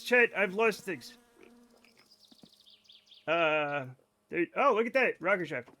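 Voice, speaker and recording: A man's voice: high voice, sharp tone. A young American man streaming a game, chatting casually and answering his chat with jokes.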